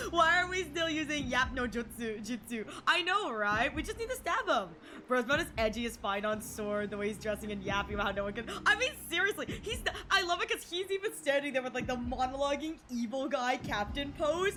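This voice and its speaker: A young woman streaming a game, reacting in an excitable, playful, giggly way. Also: high voice, background noise. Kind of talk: casual game commentary.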